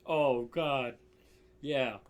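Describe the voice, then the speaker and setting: A man's voice: mid-range voice, steady tone, very slow. A young man casually telling a rambling, profane story on his stream, with lots of fillers and restarts.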